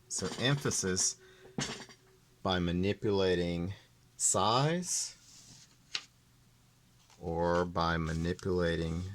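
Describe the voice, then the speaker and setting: Slow deep-voiced male art teacher. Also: a little hiss or hum. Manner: slow, deliberate, repeats key terms. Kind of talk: classroom explanation.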